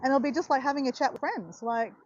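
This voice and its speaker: With a high-pitched voice and a fast delivery, an Australian woman runs a relaxed livestream from outdoors in southeast Queensland. She rambles and cheers her viewers on, filler words everywhere, and the recording's highs are clipped.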